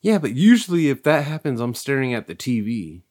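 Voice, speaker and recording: A man's voice: medium pitch, sing-song, brisk, darkish tone. A man joking around in a casual chat, full of crude banter.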